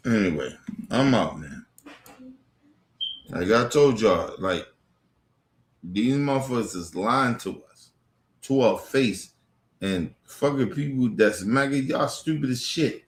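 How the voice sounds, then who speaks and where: A man in an angry, profane rant, repeating himself, swearing constantly, swinging from near-shouts down to low mutters. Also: animated, takes it slowly, pauses often, echoey room. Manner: heated, repetitive, swears constantly, rising to near-shouts then dropping low. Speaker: streamer ranting on camera.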